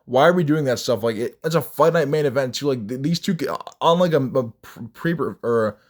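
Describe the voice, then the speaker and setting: In his mid-range, brisk voice, a young man delivers loose, ranting commentary on fights for his MMA vlog. He's blunt and mocking, wanders off track, and keeps restarting his thoughts.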